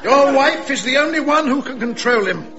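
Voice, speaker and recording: A man's voice: very high-pitched, animated, moderate pace, dull audio, loud music behind the voice. A man playing a pompous, bossy freak-show owner in a radio comedy. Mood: domineering.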